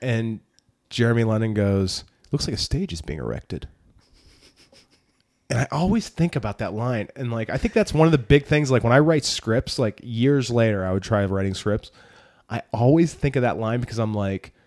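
A man's voice: mid-range voice, moderate pace, darkish tone. A man with a stuffed-up nose hosting a casual podcast chat, rambling and loose. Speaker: podcast host.

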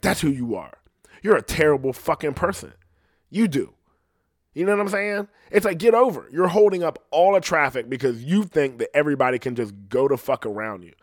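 Man, mid pitch, casual profane rant; dry, close sound. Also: no echo. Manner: ranting, profane, rambling with frequent "you know what I mean". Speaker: podcast host.

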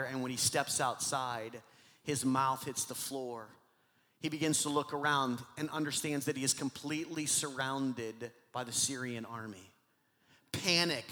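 A man's voice: a little high, pushed and bright, in a large hall. A man preaching a sermon, retelling Bible stories with acted dialogue and calling out to the congregation for responses. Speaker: pastor.

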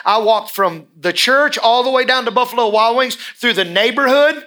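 A man with a high, bright voice delivers an emphatic sermon in church. He presses his points by repeating phrases over and over, preaching with conviction. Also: animated, moderate pace, hardly any pauses. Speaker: pastor.

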